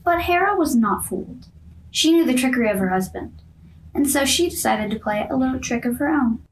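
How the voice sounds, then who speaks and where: A woman's voice: high-pitched, animated, brisk, distant mic, rough recording. Woman narrating a myth, faint hiss. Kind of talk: storytelling narration.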